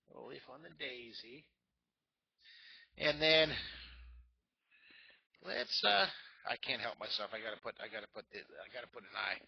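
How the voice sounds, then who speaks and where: A middle-aged man teaching kids to draw, talking eagerly as he works and cheering them on. His voice is husky and sits in a middle register. The sound is dull and lo-fi. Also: mid-range voice. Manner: enthusiastic, thinks aloud, talks to young viewers. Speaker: drawing teacher. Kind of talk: live drawing lesson for kids.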